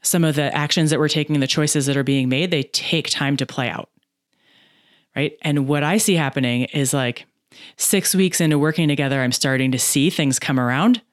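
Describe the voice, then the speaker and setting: A woman coaching on mindset in a solo podcast, lively and chatty, often adding "right?" and acting out inner voices. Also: sits low, moderate pace, no echo, studio quality. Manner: acts out inner voices and laughs at herself.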